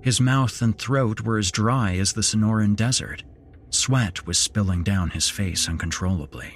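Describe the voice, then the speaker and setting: A man narrating a horror story in a slow, measured storytelling manner as podcast host. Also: lowish voice.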